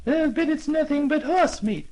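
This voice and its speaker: A man voicing a cranky, hard-of-hearing old woman customer with a shrill, indignant voice in a storybook. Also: animated, normal speed, a little mellow. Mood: triumphant.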